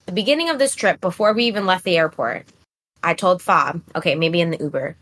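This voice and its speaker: A woman's voice: fairly low pitch, fairly quick, fairly bright tone, husky. Chatty woman co-hosting a podcast. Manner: chatty and enthusiastic, lots of "like". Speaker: podcast co-host. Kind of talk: casual chat.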